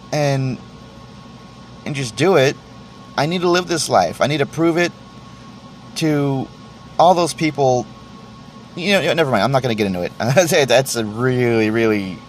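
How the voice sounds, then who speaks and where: A man's voice: medium pitch, slight background noise. A man hosting a solo podcast, venting in a rambling way, stammering through restarts and swearing freely. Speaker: podcast host.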